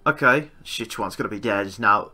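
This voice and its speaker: A man commentating a strategy game he is playing, excitable and swearing, with outbursts of disbelief. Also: lowish voice, normal speed. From England. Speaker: gaming YouTuber. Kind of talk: Let's Play commentary.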